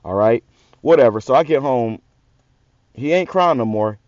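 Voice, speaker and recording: A man's voice: mid-range voice, animated, normal speed, a little mellow, dry recording, lo-fi sound. A man hosting a religious channel, giving a heated, profane, repetitive rant-style sermon. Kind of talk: ranting street sermon.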